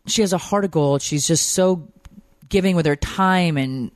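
A woman's voice: fairly low pitch, moderate pace, no echo. Woman host, dry close sound, chatty and emotional, rambles through her stories. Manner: emotional, rambling storytelling with fillers. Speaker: podcast host. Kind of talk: casual chat.

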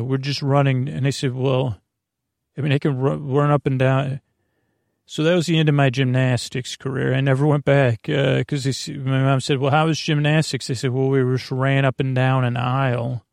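A man hosting a sleep podcast, telling meandering, self-deprecating stories with many restarts and fillers in a creaky voice. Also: mid-range voice, a little mellow, dry recording, studio quality. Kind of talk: rambling bedtime monologue.

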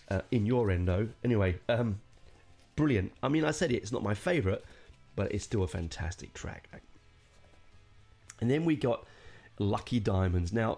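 A man with a fairly low voice hosts a podcast and talks through a metal album in a loose, rambling way. He is enthusiastic and throws in jokey asides. Faint music plays underneath. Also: darkish tone. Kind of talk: casual spoken album review.

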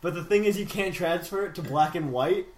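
A young man co-hosting a casual gaming podcast, chatty and animated, stretching out names slowly when he reads league standings. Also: high voice. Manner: animated, slow announcer drawl for standings. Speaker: podcast co-host. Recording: echoey room.

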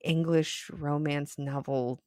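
A woman with a lower-pitched voice co-hosting a podcast, playful and jokey. She reacts quickly with wry humor. The mic is close and dry. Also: steady tone, a little mellow, no room sound. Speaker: podcast co-host. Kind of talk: casual podcast chat.

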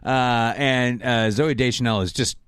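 A man casually discussing a film with friends, animated and mocking the characters in silly voices. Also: mid-range voice, measured pace, clear, resonant tone, no room sound.

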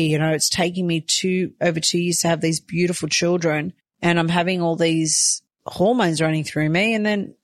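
A woman's voice: lowish voice, fairly even intonation, a little fast, few pauses, no room sound. A woman, a new mother talking openly and emotionally in a chatty personal vlog. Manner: open, emotional, chatty with many fillers.

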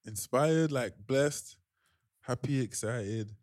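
A laid-back man in an easy chat with friends, tripping over his words when excited. His voice sits at an ordinary pitch and sounds close and dry. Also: slow pace, dry recording. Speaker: podcast co-host. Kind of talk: casual chat among friends.

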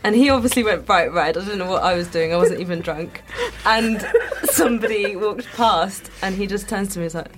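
A woman's voice: medium pitch, fairly quick, hardly any pauses, over music. A woman co-hosting a radio show, telling a story in casual chat and laughing often as she talks. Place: radio studio.

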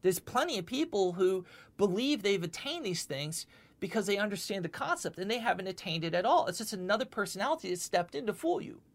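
A woman's voice: mid-range voice, a little fast. A woman giving a spiritual lecture and answering questions, talking with lots of repeated words and frequent "okay?" checks. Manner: animated, repeats words, often asks "okay?". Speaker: spiritual teacher.

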